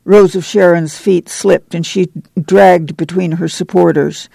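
Gravelly lady reading a novel out loud, dry close mic. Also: on the low side, fairly even intonation, unhurried, dry recording. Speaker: narrator. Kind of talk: audiobook narration.

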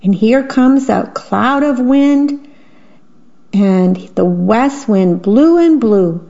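A woman reads bedtime stories for radio at a slow, unhurried pace, her voice sitting a little high. She stops now and then to describe the pictures for her listeners. The sound is muffled and lo-fi, like an old radio broadcast. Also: animated, creaky. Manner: gentle reading, pausing to describe the pictures. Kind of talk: reading children's bedtime stories aloud.

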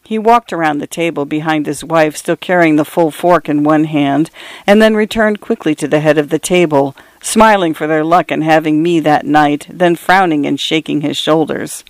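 Higher-voiced man reading literary fiction. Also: no room sound. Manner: measured first-person narration. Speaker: audiobook narrator.

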